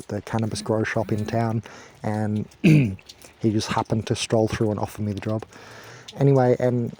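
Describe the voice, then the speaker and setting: A man's voice: medium pitch, warm tone. A young man ranting to camera in a heated, profane, rambling way. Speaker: vlogger. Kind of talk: angry ranting monologue to camera.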